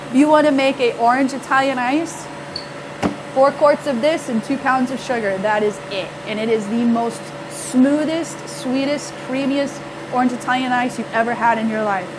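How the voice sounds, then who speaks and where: A woman's voice: a little high, noisy background. A woman demonstrating at a seminar, confident and matter-of-fact. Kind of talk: demonstration talk.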